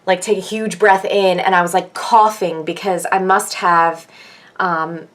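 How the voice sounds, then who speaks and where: A woman's voice: steady tone, moderate pace, fairly bright tone. A young pregnant woman chatting casually in a vlog, rambling with many fillers. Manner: rambling, with frequent fillers and laughs; acts out quoted people in a higher voice. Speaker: vlogger. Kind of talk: casual chat.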